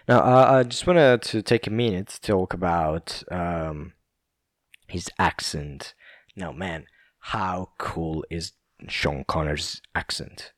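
A man's voice: low voice, slow pace, long pauses, no room sound, studio quality. A young Italian man with an Italian accent, rambling casually in a monologue, laughing often and full of fillers and restarts. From Italy.

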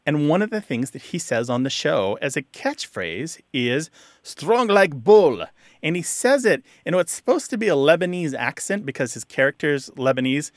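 A man co-hosting a radio show on language, explaining word origins to a caller in a chatty way with quick asides. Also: on the high side, very animated, no echo, clean studio sound.

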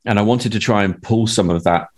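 A man with a very deep voice talks casually as a guest. He hesitates often, restarting his sentences and filling pauses with ums. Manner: hesitant, many fillers and restarts. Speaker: script writer guest. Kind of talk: casual panel talk.

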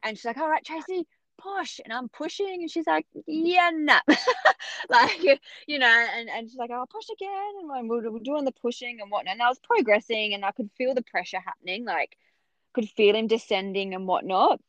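A young woman telling a personal story in casual chat, acting out the other voices with big jumps in pitch. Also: brisk, a bit bright, no echo. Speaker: podcast guest telling her birth story.

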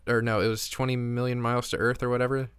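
Smooth, dry-voiced laid-back man. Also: medium pitch, level tone, fast, fairly bright tone, no echo. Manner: laid-back, rambling, many restarts and fillers. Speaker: podcast co-host. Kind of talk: casual chat. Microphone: remote call.

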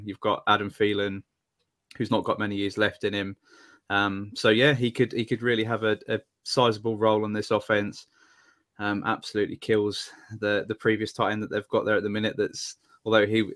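A man's voice: lowish voice, a bit bright. A man co-hosting a sports podcast, talking through his views in an easygoing way. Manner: easygoing, analytical, with repeated words. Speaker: podcast co-host. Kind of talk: casual podcast chat.

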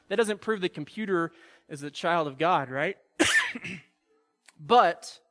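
High-voiced man preaching in a reverberant hall. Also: fairly bright tone. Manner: earnest, builds to pleading intensity. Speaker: pastor. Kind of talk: sermon.

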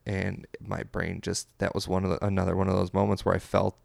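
A man's voice: sits low, completely flat delivery, fairly quick, creaky, few pauses, a little mellow, no echo, clean studio sound. A man hosting a podcast, talking candidly and supportively in a casual conversation. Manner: candid, openly personal, supportive. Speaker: podcast host.

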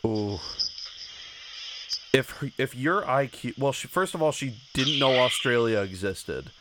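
A man's voice: medium pitch, animated, a little slow. A man co-hosting a podcast, blunt and sarcastic, swearing often in crude chat. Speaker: podcast co-host. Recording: faint background noise.

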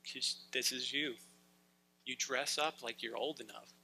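Brief: middle-aged man, pastor, lively sermon delivery, very bright, forceful tone. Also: medium pitch, a little slow, vocal fry, a little hiss or hum, low-quality recording. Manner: animated preaching, shouts in acted-out scenes.

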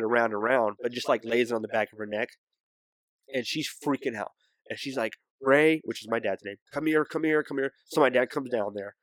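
A man's voice: medium pitch, dry recording. Young man, podcast co-host, casual rambling story, plenty of fillers, dry sound. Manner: rambling, many fillers and restarts.

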